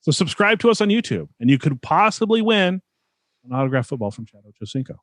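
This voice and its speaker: A man's voice: on the high side, sing-song, quick pace, a bit bright, no room sound. A man co-hosting a podcast in casual chat, teasing his co-host and rambling with lots of fillers.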